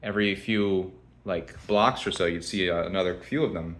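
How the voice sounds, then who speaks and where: A man's voice: low voice, normal speed, fairly bright tone. A young man telling a story to camera in a rambling, blunt, profane way with many restarts. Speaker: vlogger. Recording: echoey room.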